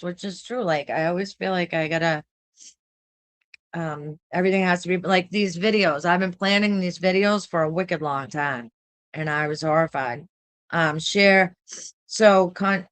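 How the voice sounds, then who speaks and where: A woman, an artist vlogging, reading a text aloud with earnest, emotional asides and halting restarts. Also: fairly low pitch, fairly bright tone. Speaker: artist and content creator.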